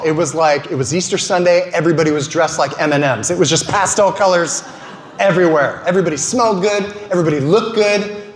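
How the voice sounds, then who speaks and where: A man in his forties doing an animated stand-up comedy set and throwing quick asides to the crowd. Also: high voice. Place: comedy venue stage. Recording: roomy venue with background noise.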